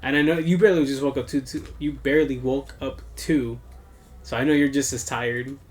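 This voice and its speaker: A man's voice: medium pitch, steady tone, a little fast. A young man co-hosting a podcast in casual chat, tired and rambling, swearing often. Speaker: podcast co-host.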